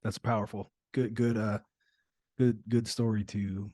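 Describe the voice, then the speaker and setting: A man with a lowish, mellow voice hosts a podcast and talks in a relaxed, appreciative, informal way. The recording is dry and close. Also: measured pace, no echo. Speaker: podcast host. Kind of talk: casual interview wrap-up.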